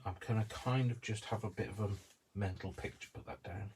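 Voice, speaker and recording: A man's voice: on the low side, fairly even intonation, fairly quick, darkish tone, slight background noise. A man hosting a live craft tutorial, talking casually through each step with rambling, self-mocking asides. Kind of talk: live-streamed craft demonstration.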